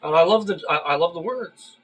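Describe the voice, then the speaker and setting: A man's voice: fairly high pitch, brisk, a bit bright, dull audio, a little hiss or hum. A man giving casual spoken commentary on a religious topic, earnest and at times worked up and emphatic.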